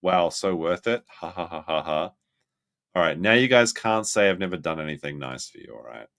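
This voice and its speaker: A man hosting a livestream, reacting to clips with excitable commentary that keeps breaking into laughter and sudden shrieks. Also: low voice, normal speed, vocal fry. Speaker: livestream host.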